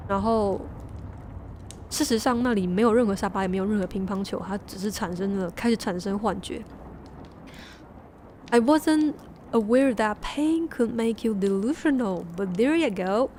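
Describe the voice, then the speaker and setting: A woman, a Mandarin speaker, reading a book aloud on a stream with halting restarts and chatty asides. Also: medium pitch, animated, darkish tone, a little hiss or hum. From Taiwan. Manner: laughing asides between passages.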